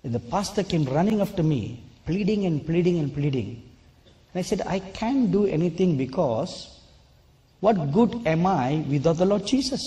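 A man preaching a sermon and telling a personal story, slow and deliberate, at times scolding the audience. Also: high-pitched, big pitch swings, warm tone.

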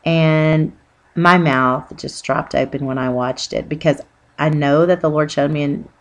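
A woman telling an earnest, rambling personal religious testimony with many pauses and fillers. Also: low voice, fairly even intonation. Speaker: Christian testimony speaker.

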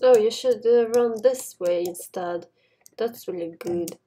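A woman giving casual gameplay commentary to her viewers in non-native English phrasing, shouting at jumps. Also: medium pitch, unhurried, a little hiss or hum. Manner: excitable, talks to the viewers while playing, shouts at jumps. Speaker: gaming YouTuber.

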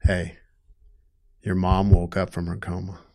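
Middle-aged man, lowish voice, interview guest; halting, emotional storytelling, gets heated. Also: level tone. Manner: emotional, halting, restarts often, grows loud when upset. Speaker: guest telling his story.

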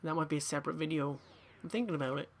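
Young gamer, tired and sweary, mutters his way through a pack opening in a fairly high voice. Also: fairly even intonation, rapid-fire, slight background noise. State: tired, yawning. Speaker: gaming YouTuber.

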